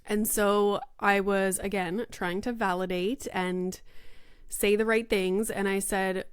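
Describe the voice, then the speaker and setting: A young woman hosting a podcast, telling a story in casual chat full of "like" and "you know", quoting herself in lively voices. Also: mid-range voice, slow, clean tone, no echo, studio quality. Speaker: podcast host.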